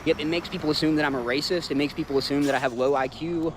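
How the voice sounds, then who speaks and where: A man's voice: a little high, steady tone, fast, noisy background. A man in his thirties with a Southern US accent, hosting a livestream and ranting bluntly and profanely to his chat. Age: 30s. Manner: profane, blunt, rambling, talks straight to chat. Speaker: livestream host. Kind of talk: casual livestream rant.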